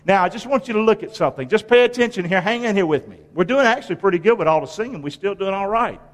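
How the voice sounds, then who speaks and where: A man's voice: high voice, long reverb tail. A man preaching a sermon in a folksy way, calling on the congregation to answer and repeat after him. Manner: folksy preaching with call-and-response. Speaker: pastor. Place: church sanctuary.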